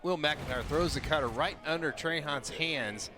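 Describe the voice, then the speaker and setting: A man giving relaxed color commentary on a baseball game, explaining plays. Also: a little high, normal speed, background noise. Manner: relaxed, explanatory, many fillers. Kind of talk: live baseball analysis.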